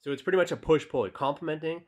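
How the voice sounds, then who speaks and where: This young man's voice is a little high, and he talks fast while coaching on dating. His casual tutorial is relaxed and direct, thick with fillers, and he reads texts aloud.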